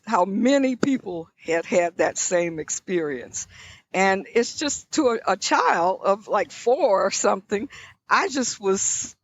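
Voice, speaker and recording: An older woman from the American South, guest on an interview, telling personal stories in a reflective, measured way with frequent restarts. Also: medium pitch, dull audio. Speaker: guest, leadership scholar. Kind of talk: conversational interview storytelling.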